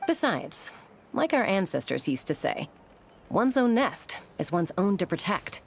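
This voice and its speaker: A woman voicing a confident young woman warrior leader in a game, speaking briskly and with self-assurance. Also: medium pitch, big pitch swings, a little hiss or hum. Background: game music.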